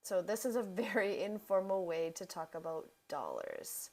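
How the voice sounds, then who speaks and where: A woman, giving a vocabulary lesson in a careful, deliberate way and repeating examples for learners. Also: mid-range voice, animated, a little mellow. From Canada. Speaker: English teacher. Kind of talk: slow, clear teaching explanation.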